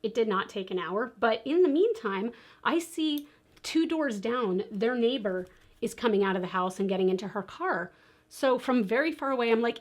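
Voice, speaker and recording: A young woman chatting through a long story while doing her makeup, animated and laughing now and then. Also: a little high, moderate pace. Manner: animated storyteller, acts out quoted voices, laughs often. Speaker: beauty vlogger.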